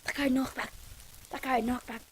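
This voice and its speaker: A woman giving chatty, rambling live gameplay commentary as a gaming channel host, breaking into excited yells. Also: high voice, normal speed, low-quality recording. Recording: loud noise and mouse clicks.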